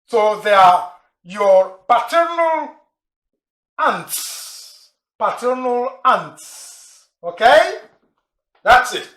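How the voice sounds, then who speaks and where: Slow-speaking man teaching vocabulary, echoey room. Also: high-pitched, fairly bright tone. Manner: slow, repeats and spells out words; frequent restarts and fillers. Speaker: language teacher. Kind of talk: spoken language lesson.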